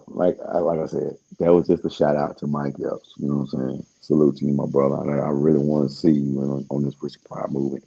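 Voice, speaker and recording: A man's voice: very deep voice, creaky, mellow, slightly rough, highs cut off. A man talking in a casual, rambling monologue, laid-back and slangy, trailing off with fillers as he searches for words.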